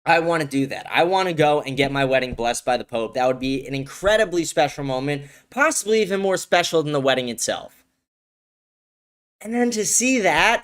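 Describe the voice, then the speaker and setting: A man's voice: a little high, a bit bright. A young man hosting a live-stream show, ranting in heated, profane bursts and repeating his points over and over. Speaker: show host.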